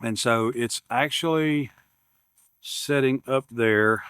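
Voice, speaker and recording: Man, slow drawl, rambling workshop unboxing talk, dry close sound. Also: mid-range voice, fairly bright tone, clean tone, no room sound. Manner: rambling, repeats words, self-deprecating humor. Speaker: YouTube maker unboxing camera gear. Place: home workshop bench.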